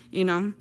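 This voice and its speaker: A woman from Detroit performing a stand-up comedy routine in a virtual reality venue, chatty and tagging her lines with "right?" while laughing at her own jokes. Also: a little hiss or hum. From Detroit, United States. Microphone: VR headset mic.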